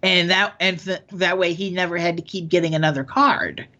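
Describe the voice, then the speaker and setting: A man's voice: high voice, steady tone, a little fast, sharp tone. A man co-hosting a podcast who reads news stories in a casual chat and often stumbles and corrects himself. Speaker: podcast co-host. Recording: dull lo-fi sound.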